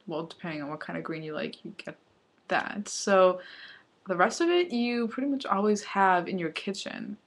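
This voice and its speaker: A young woman chatting casually through a home recipe vlog, laughing often and sometimes talking with her mouth full. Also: lowish voice. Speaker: vlogger.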